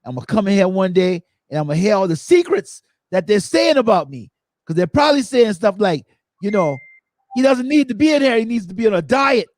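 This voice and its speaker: A man hosting a podcast, telling stories in a lively way and acting out the quotes. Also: high-pitched, brisk, dry recording, clean studio sound. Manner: animated storytelling, acts out quotes. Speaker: podcast host. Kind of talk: casual chat.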